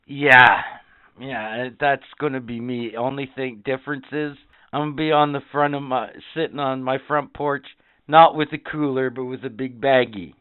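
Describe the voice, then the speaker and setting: Man, sardonic podcast co-host, swearing, smooth voice, dry tinny phone sound. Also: medium pitch, steady tone, normal speed, no echo. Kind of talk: crude casual chat.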